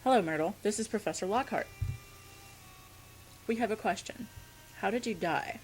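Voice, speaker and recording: A woman's voice: medium pitch, moderate pace, a little hiss or hum, close to an everyday voice, rough recording. A woman voicing a brave young schoolboy wizard, reading game dialogue aloud in her plain voice.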